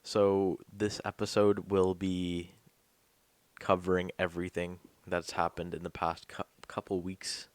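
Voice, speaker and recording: A man's voice: low-pitched, level tone, unhurried. A young man hosting a casual gaming podcast, rambling and swearing casually. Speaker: podcast host.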